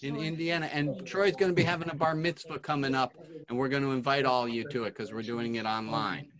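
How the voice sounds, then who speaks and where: A man's voice: mid-range voice, steady tone, fairly quick, crowd noise. A man hosting an online class, calling on each guest by name in a friendly, casual way over a video call. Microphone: computer mic on a video call.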